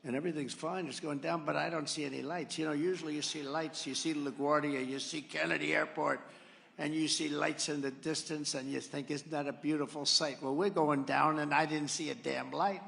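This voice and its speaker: An older man telling a rambling, boastful story as a rally speech, swinging from quiet asides to loud punchlines. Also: a little high, fairly even intonation, fairly quick, creaky. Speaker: political speaker at a rally. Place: large rally venue.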